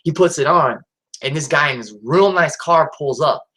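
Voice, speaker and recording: A man's voice: a little high, normal speed, bright, forceful tone, poor audio. A man hosting his own live stream, talking casually and hesitantly with lots of fillers and restarts. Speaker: channel host.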